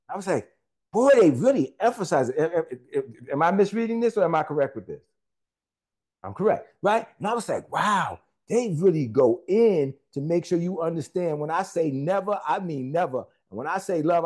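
A man with a notably high voice delivers a sermon. He builds fervor by repeating words again and again, then turns to chat casually with the people in the pews. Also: expressive, moderate pace, a little mellow. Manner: emphatic, repetitive, rising into fervent repetition; conversational asides to the congregation. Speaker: preacher.

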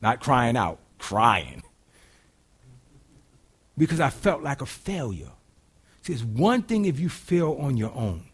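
A middle-aged man preaching a sermon in a casual, folksy way, moving between loud preaching and quiet, hushed storytelling. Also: on the high side, sing-song, moderate pace, husky. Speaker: pastor.

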